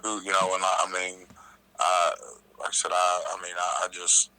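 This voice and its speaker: Real low-voiced guy, sharp edgy tone, keeps going you know, stumbles on words. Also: completely flat delivery, rough recording. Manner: halting, repeats words, many you-knows. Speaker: podcast guest, wrestler. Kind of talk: casual interview chat.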